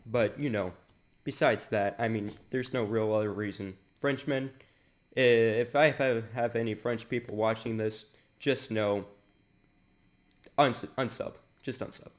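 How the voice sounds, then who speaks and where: A man's voice: lowish voice, fairly even intonation, unhurried. A man giving joking commentary asides in a mock-serious, self-mocking way.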